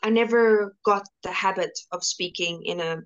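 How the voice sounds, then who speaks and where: A woman's voice: mid-range voice, moderate pace, a bit bright, lo-fi sound. Young woman chatting hesitantly on a call. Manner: hesitant, many restarts and fillers. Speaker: interview guest. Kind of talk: casual video-call conversation.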